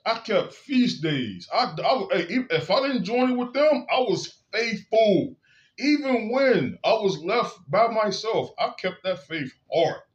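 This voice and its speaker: A man vents his own story straight to camera in a candid monologue. He talks bluntly, swears freely and hammers his points with emphasis. His voice sits somewhat high, and the recording sounds dull and lo-fi. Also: animated, a little slow. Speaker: vlogger.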